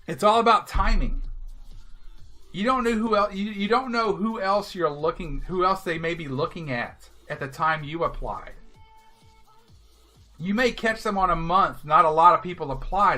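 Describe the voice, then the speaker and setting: A man streaming live, giving viewers blunt, animated advice in casual talk. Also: high-pitched, moderate pace, faint music behind. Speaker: game streamer.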